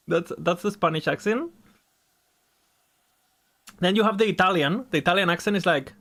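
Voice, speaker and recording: A man's voice: high voice, normal speed, pauses often, a bit bright, no echo. A young man chatting casually while streaming a game, rambling, swearing and laughing often.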